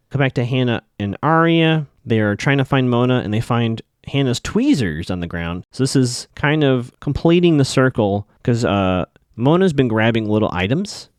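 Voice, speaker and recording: A man hosting a podcast, casually recapping a TV episode scene by scene with lots of fillers and quick bits of acted-out dialogue. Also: mid-range voice, no room sound, clean studio sound. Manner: chatty, loose, many fillers, acts out characters' lines in passing.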